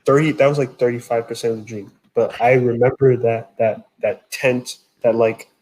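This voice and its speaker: A man's voice: medium pitch, fairly even intonation, normal speed, darkish tone, poor audio. A man joking around in casual chat with friends.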